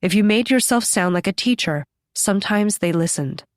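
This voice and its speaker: Woman, audiobook narrator, steady measured reading, mid pitch, dry close mic. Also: no echo. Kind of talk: scripted narration.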